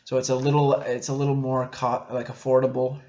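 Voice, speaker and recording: Rambling young man with a gravelly voice. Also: mid-range voice, completely flat delivery, brisk, dark tone. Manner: rambling, crude and self-mocking, many fillers. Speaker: solo podcast host. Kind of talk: rambling solo podcast monologue. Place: small room at home. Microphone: camera mic. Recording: echoey room, dull lo-fi camera audio, faint noise.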